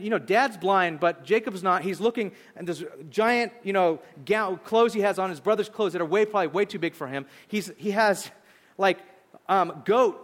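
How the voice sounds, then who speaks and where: A male pastor preaching a sermon, retelling a story in an animated, conversational way. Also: high voice. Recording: long hall reverb.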